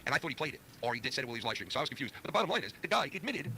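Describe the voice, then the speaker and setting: A man's voice: medium pitch, very animated, pushed and bright, a little hiss or hum. A man in a played clip, heatedly recounting an argument at speed. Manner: heated, rapid storytelling. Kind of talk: ranting recap in a played clip.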